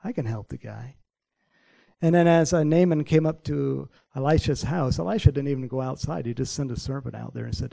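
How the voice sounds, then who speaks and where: Gravelly-voiced pastor telling a lively Bible story. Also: male voice, mid-range voice, brisk, no echo, low-quality recording. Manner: animated storytelling, voices characters; prays softly, sometimes in a whisper. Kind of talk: sermon with acted-out Bible story.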